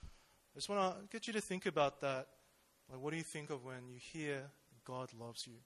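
A man's voice: medium pitch, moderate pace, a bit bright, a little hiss or hum. A young man speaking at church in a casual, conversational sermon, full of fillers and questions to his listeners. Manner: informal, with many fillers and rhetorical questions.

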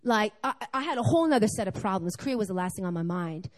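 Woman, church speaker; animated personal testimony, conversational storytelling. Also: mid-range voice, quick pace. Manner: animated storytelling, acting out dialogue. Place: church service.

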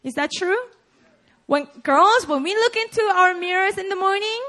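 A young woman preaches a sermon in a bright, high voice that leaps up and down with animation. She jokes with her listeners, laughs easily and keeps asking the congregation questions. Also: lively intonation, moderate pace. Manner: playful, laughing asides to the congregation; asks the audience questions. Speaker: pastor.

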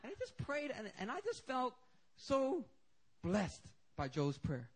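Guy pastor preaching, kinda high voice, jokey storytelling. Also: measured pace, breathy edge. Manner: animated, joking storytelling. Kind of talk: sermon. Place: church service.

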